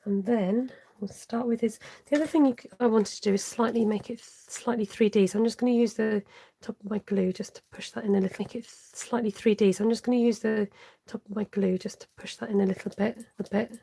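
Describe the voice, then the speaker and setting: A woman runs a live card-making tutorial from her craft desk, talking to viewers and to herself as she works. Her voice sits slightly high with a gravelly fry, and a faint hiss of noise lies behind it. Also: steady tone, fast talker, mellow. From United Kingdom. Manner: chatty, talks to herself while working, with muttered half-whispered asides.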